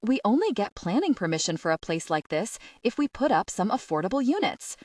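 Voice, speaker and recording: A woman voicing a calm, dry-witted male architect who speaks politely and deadpan. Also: mid-range voice, brisk, no room sound, far from the mic.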